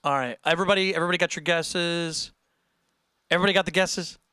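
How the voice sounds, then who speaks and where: A man's voice: on the high side, fairly even intonation, quick pace, pushed and bright, clear, resonant tone, no room sound, clean studio sound. A man hosting a casual livestream, rambling and breaking off mid-sentence as he reads chat aloud. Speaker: livestream host.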